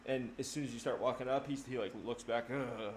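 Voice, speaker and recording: A man livestreaming from home, chatting in a blunt, profane, animated way between drum songs. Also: mid-range voice, fast talker. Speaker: livestreaming drummer. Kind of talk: casual rambling chat. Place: home room. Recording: echoey room with clear noise.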